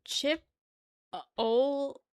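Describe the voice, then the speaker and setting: A woman's voice: high voice, steady tone, extremely slow, no echo. A young woman from New York with a New York accent, chatting casually with her stream viewers, teasing them and laughing often.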